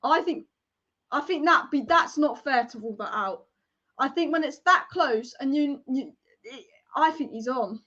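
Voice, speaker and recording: A young woman hosting a live football watch-along, excitable and casual, chanting and swearing as she reacts. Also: high-pitched, measured pace. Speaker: football fan livestream host. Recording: dull lo-fi stream audio.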